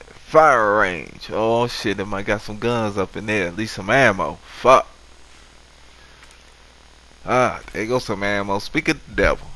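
A gamer with a lowish, bright, forceful voice narrates his own video game run, cursing and trash-talking the enemies on screen in profane let's-play commentary.

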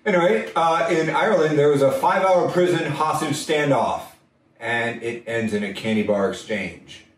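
A man's voice: on the high side, normal speed, recorded from a distance. A man co-hosts a casual chat show with dry, wry banter. He often stammers as he restarts his sentences. The mic is set back, so his voice sounds roomy with a faint hiss. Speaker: podcast co-host.

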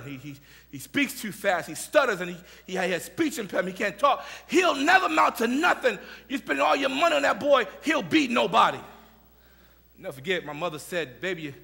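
A man with a high, bright, ringing voice preaches to a congregation, rising into fervent shouts and repeating himself as he calls out to the people. The sound carries the long, echoing reverb of a church sanctuary. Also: vocal fry. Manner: impassioned preaching that builds to shouts. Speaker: senior pastor. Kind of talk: sermon.

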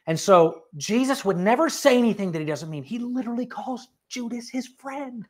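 A preacher giving a sermon in a conversational, animated way, with asides and direct questions to the listeners. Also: mid-range voice, normal speed, few pauses. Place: church.

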